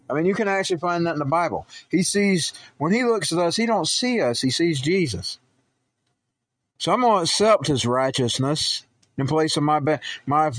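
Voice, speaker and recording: A man with a slightly high voice hosts a political talk show. He rambles through personal stories and news commentary, stumbling, restarting, and getting heated.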